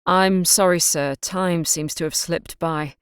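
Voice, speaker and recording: A woman's voice: fairly low pitch, fairly even intonation, takes it slowly, clear, resonant tone, no room sound, clean studio sound. A woman voicing a worried male detective inspector who answers hesitantly and apologetically in an audiobook. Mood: apologetic. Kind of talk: audiobook character reading.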